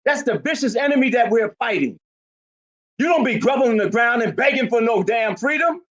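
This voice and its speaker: A man in his eighties giving an impassioned public speech at a community rally, forceful and emphatic, often breaking into shouts. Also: very high-pitched, animated, fairly quick. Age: 80s.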